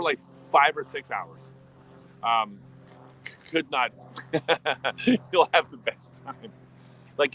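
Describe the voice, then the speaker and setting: Animated laughing American man storyteller. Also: medium pitch, a little hiss or hum, low-quality recording. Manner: animated, laughing, restarts and quick asides. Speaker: livestream host. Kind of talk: casual storytelling and answering chat. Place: home in Australia, livestream.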